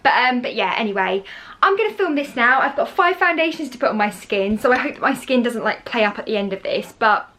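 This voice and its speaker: A woman's voice: on the high side, expressive, brisk, bright, forceful tone. A young woman chatting to camera at home in a casual, rambling, self-deprecating way. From England. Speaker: vlogger. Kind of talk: casual vlog chat to camera. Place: at home indoors.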